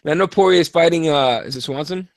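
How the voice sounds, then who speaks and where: A tired man co-hosting a casual sports podcast, talking in a profane, animated and rambling way. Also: fairly high pitch, quick pace, gravelly, dry recording, clean studio sound. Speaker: podcast co-host.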